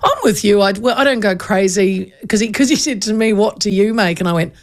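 A New Zealand woman hosting a radio show, telling a lively anecdote and acting out the people in it. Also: medium pitch, a little fast. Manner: lively, animated, acts out voices in anecdotes. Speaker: radio host. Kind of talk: chatty radio storytelling.

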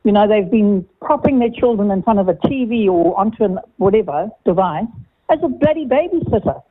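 A woman's voice: medium pitch, animated, fairly quick. A woman with a South African accent calling a radio show over the phone, blunt, firm and indignant. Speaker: radio caller. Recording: phone line.

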